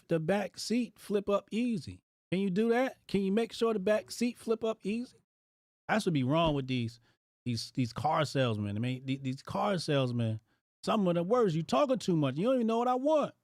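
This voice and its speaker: A man's voice: high voice, animated, normal speed, a little mellow, no room sound, clean studio sound. A man hosting a casual live stream, reacting aloud to headlines in loose slang. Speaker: livestream host.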